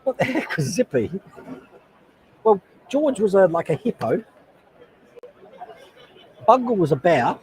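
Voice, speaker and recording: A man, hosting a casual livestream from a loud convention hall on a noise-cancelling headset, chatting in a rambling way and reading comments aloud. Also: sits high, sing-song, unhurried, long pauses, some chatter behind. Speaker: host.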